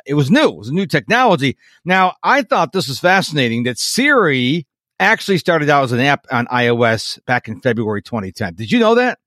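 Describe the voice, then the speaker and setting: A man's voice: on the high side, sing-song, fairly quick, fairly bright tone, no echo, studio quality. A man co-hosting a casual tech podcast, chatty and playful as he jumps between topics. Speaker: podcast co-host.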